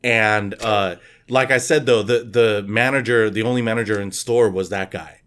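A man hosting a casual chat, telling a made-up scenario in a joking, lively way. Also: fairly low pitch, moderate pace, clear, resonant tone. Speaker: podcast host.

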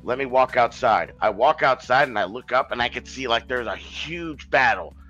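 A man's voice: medium pitch, lively intonation, normal speed, bright, forceful tone, highs cut off, soft background music. A man telling a long story in a casual podcast chat, rambling, swearing and restarting his sentences.

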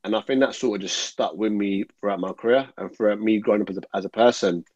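An earnest man talks through his thoughts as an interview guest, circling back with plenty of fillers. His voice sits low. The audio is dull and dry, with no room sound. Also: fast talker, darkish tone, no room sound. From England. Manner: earnest, rambling, with many "you know"s. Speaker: guest, former professional footballer. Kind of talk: reflective interview talk.

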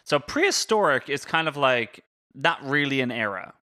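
A man's voice: mid-range voice, sing-song, normal speed, sharp tone, no room sound, clean studio sound. A man co-hosting a podcast, walking through a topic in casual chat and often stopping to correct his pronunciation of big words. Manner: explains step by step, stumbles over and corrects big words. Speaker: podcast co-host presenting the topic.

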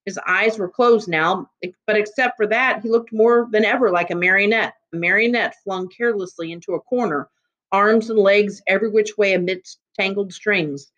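A woman reading a novel chapter aloud in a measured, steady storytelling manner. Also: mid-range voice, muffled recording. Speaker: reader.

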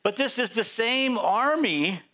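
Guy pastor preaching in church, tells bible stories all animated, bright tense voice. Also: extremely high pitch, a little slow. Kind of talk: sermon.

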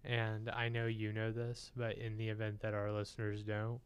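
A man's voice: on the low side, completely flat delivery, normal speed, smooth. A man co-hosting a film podcast, telling stories and joking in casual chat. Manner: storytelling, joking. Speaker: podcast co-host.

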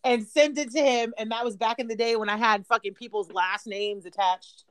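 A woman's voice: a little high, normal speed. A woman in her thirties co-hosting a podcast, telling a story in casual chat, swearing freely and laughing often. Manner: profane, laughing, animated storytelling. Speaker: podcast co-host.

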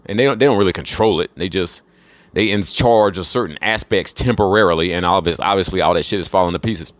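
A man's voice: deep voice, quick pace, no echo. A man in a casual, rambling monologue, profane and drawling, often trailing off into fillers. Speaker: monologue speaker.

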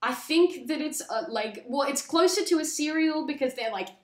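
A woman's voice: sits high, animated. Rambling woman in an echoey room. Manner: rambling, acts out characters in quick asides. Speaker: podcast host. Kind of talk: casual chat recapping a film.

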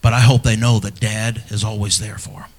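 A middle-aged man, a pastor, preaching a sermon in a church, earnest and personal, swinging from loud emphasis to hushed, near-whispered lines. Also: fairly low pitch, flat delivery, a little fast. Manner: earnest and personal, speaking to fathers.

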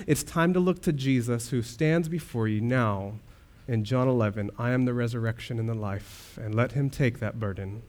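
A man's voice: mid-range voice, brisk, few pauses, a little mellow. A man pastor preaching a sermon, earnest, with rhetorical questions and rising swells of emphasis.

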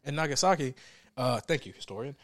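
A man co-hosting a casual chat, telling stories with loud laughing outbursts and mimicked voices. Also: medium pitch, lively intonation, brisk, no echo, studio quality. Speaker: podcast co-host.

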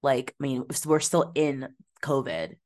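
Woman podcast co-host, low voice, loose and profane movie chat. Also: expressive, measured pace, a little mellow. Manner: chatty, swears freely, slips into mocking impressions. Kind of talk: casual movie-review chat.

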